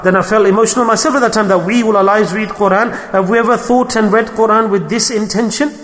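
This earnest religious sermon comes from a male preacher whose voice sits high and a bit bright. He tells stories to drive home his points, peppering them with religious terms, all under a long hall reverb.

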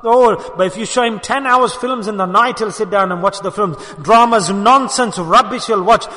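High, animated preacher in an echoing hall. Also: male voice, moderate pace. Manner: animated, mimicking, scolding. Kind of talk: sermon. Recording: reverberant hall.

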